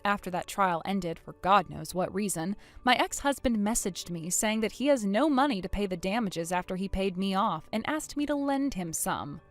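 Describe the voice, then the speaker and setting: A woman narrating a first-person story in a measured, matter-of-fact way. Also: medium pitch, animated. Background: soft music.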